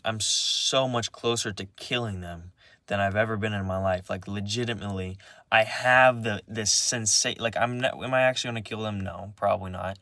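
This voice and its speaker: A man's voice: on the low side, pushed and bright, no room sound. A young man speaking in a personal confessional vlog, agitated and rambling, swearing often and restarting his sentences again and again.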